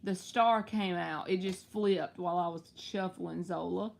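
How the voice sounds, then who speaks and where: A woman's voice: lowish voice, steady tone, a little slow, vocal fry, a little mellow. A woman hosting a live tarot reading, talking in a chatty, reassuring way with playful slang.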